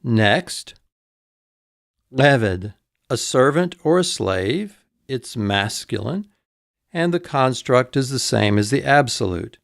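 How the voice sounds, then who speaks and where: A man gives a recorded vocabulary lesson at an unhurried pace. He says each word twice and takes it apart letter by letter. The sound is dry and close, with no room around it. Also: mid-range voice, lively intonation, gravelly, no echo. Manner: slow, deliberate, repeats each word and spells it out. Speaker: instructor.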